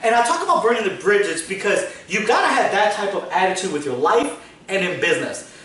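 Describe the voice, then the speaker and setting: High-voiced man telling rambling stories. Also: very animated, fairly quick, a bit bright. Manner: rambling, filler-heavy, swears casually. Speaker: podcast host, business owner. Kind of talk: casual storytelling chat. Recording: echoey room, distant mic, faint noise.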